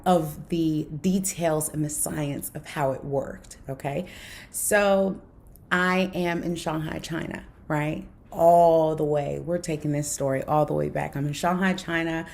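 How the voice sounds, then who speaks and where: A woman's voice: on the low side, gravelly. A young adult woman hosting a casual book review, telling a story animatedly and acting out the quoted dialogue. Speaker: book club host.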